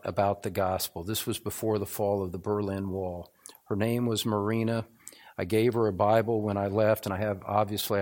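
An older man preaching a sermon as a pastor in an evening church service, earnest and building to emphatic repetition. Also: lowish voice.

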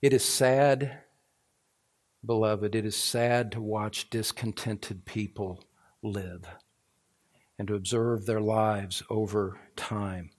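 A middle-aged male pastor preaching a sermon, moving from calm teaching to fervent, emphatic passages. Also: on the low side, takes it slowly.

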